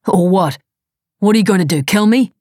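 A woman's voice: normal speed, no echo, studio quality, natural voice. A woman voicing an injured, furious young man who swears and hurls threats in a thriller audiobook. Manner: shouting threats, pitch pushed up.

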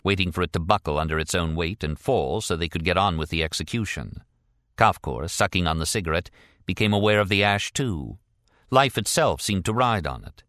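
A man reading a thriller audiobook in a measured, expressive storytelling voice. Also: low voice, dry recording, clean studio sound. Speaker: audiobook narrator. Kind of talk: scripted narration.

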